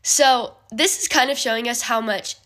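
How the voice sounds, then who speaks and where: A young woman giving a casual bible study talk, chatty and full of fillers, often clearing her throat. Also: a little high, moderate pace, fairly bright tone.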